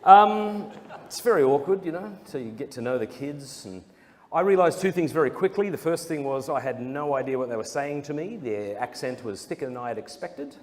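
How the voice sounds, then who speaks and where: A man with an Australian accent tells funny stories, joking at his own expense and chuckling often. His voice sits on the high side, animated, fairly quick and a little mellow; the recording has a long hall reverb and faint noise.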